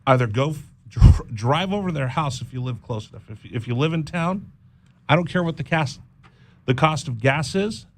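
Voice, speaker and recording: A man hosting a radio show, speaking in a halting, heartfelt monologue, often repeating words and close to tears. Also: fairly high pitch, expressive. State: teary-eyed. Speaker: radio host.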